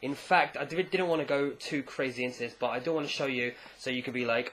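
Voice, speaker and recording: A man casually recapping a comic chapter, rambling and animated, with jokey asides. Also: medium pitch, quick pace, a little hiss or hum. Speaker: manga chapter reviewer.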